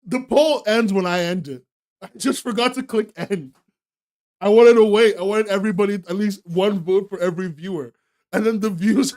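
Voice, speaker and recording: A young man with a high, slightly mellow voice streams live and chats with his viewers. He laughs often and puts on playful mock outrage while talking to chat.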